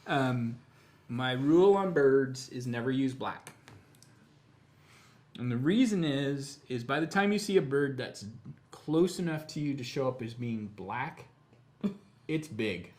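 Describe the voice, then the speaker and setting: A man hosting a live painting lesson, walking viewers through each brushstroke in an easygoing, talkative manner. His voice sits at an ordinary middle pitch. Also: slow pace. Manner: relaxed, chatty, step-by-step explaining. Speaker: painting instructor. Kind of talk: live tutorial demonstration.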